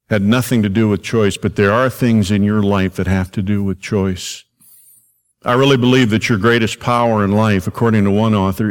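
Preaching man in a reverberant church. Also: fairly low pitch. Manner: conversational preaching, emphatic repetition. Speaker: senior minister. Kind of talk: sermon. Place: church sanctuary. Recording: long hall reverb.

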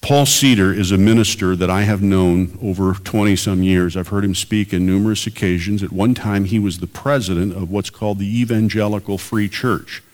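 Deep-voiced earnest male preacher. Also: steady tone, normal speed, hardly any pauses, a little mellow. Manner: earnest, builds to emphatic peaks. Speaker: pastor and radio preacher. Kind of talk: sermon.

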